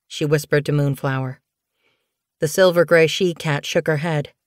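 A woman narrating an audiobook in a measured, unhurried reading style. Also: deep voice, no echo, studio quality. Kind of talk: scripted narration.

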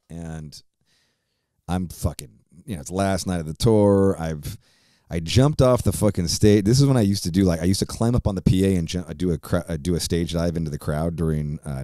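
In a clean, dry studio recording, a middle-aged man hosting a podcast spins a rambling, profane story packed with fillers and restarts. His voice is deep with a dark tone.

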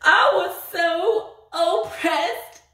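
A woman's voice: very high-pitched, very slow, pushed and bright, echoey room, far from the mic, full character voice. A woman doing a mocking impression of a real activist in a parody monologue, drawling with sing-song fake crying and lots of "y'all.". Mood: smug boasting. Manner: drawling, says y'all a lot.

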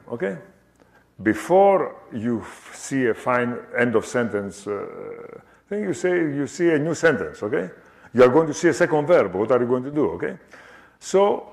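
An older man giving an academic lecture, halting with many fillers and restarts and often checking "okay?". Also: mid-range voice. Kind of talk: academic talk. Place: lecture hall.

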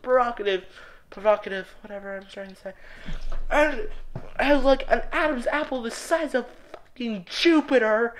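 A woman hosting a video into a computer microphone, ranting sarcastically and shouting in exasperation. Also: on the high side, moderate pace. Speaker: video host. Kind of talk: ranting gameplay commentary.

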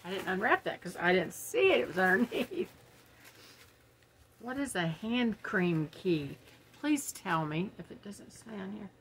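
A woman's voice: mid-range voice, sing-song, unhurried, a little hiss or hum. A middle-aged woman, chatting casually and giggling as she unboxes products at home for her viewers. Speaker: unboxing vlogger. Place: home, early morning.

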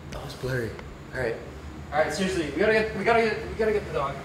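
A young man hosting a nighttime ghost-hunt vlog, his voice high and swinging wildly up and down as he repeats himself and exclaims at every noise. It is a noisy home-video recording made with a handheld camera indoors in the dark. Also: expressive, rapid-fire. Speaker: YouTube host.

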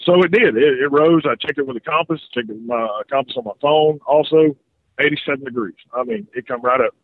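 On a tinny, dry phone line, a caller from North Carolina speaks a little fast in a mid-range voice. He rambles through his story on the radio call-in, hesitating frequently.

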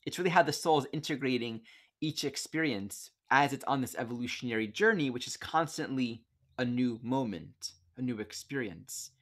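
A man teaches astrology over a video call, speaking gently and reflectively at a middle pitch. He pauses and corrects himself as he goes. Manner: gentle, reflective, reads quotes aloud with self-corrections.

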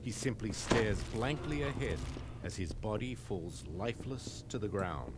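A man voicing the measured, calm narrator of a fantasy game, telling the player what happens around them. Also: lowish voice. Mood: ominous. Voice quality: measured storyteller delivery. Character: grave male dungeon narrator, calm and measured. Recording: loud noise over game audio.

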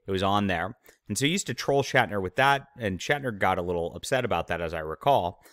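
A man with a somewhat low voice, hosting his own channel and delivering opinionated commentary full of mocking, scornful remarks. The sound is dry and close, with almost no room around it. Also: lively intonation, quick pace, fairly bright tone, dry recording. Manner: mocking, sneering asides. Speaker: channel host, author.

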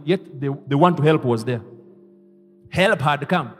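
A man preaching a sermon as pastor, leading the congregation to repeat his lines and moving between hushed asides and loud exclamations. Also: a little high, moderate pace, soft background music. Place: church hall. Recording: reverberant church hall.

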